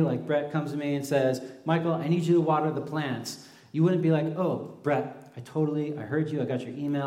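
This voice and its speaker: A man's voice: a little high, a little mellow, reverberant. A young man preaching a sermon in a conversational way, telling stories and acting out quoted voices. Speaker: pastor.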